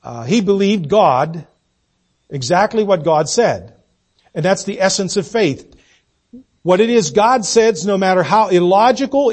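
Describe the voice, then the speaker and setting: Husky older man preaching a folksy sermon. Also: high-pitched, lively intonation, darkish tone. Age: 60s. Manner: folksy, self-deprecating, halting restarts. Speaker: pastor.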